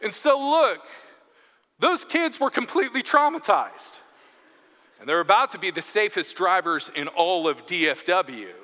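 A man's voice: on the high side, sharp tone. A man, telling a funny story as a chatty, self-deprecating guest preacher during a church sermon. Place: church sanctuary. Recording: echoey church hall.

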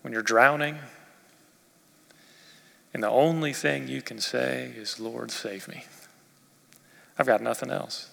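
A male pastor preaching a sermon expressively, rising in force and dropping to near quiet. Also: medium pitch, unhurried, gravelly, long pauses. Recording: long reverb of a church hall.

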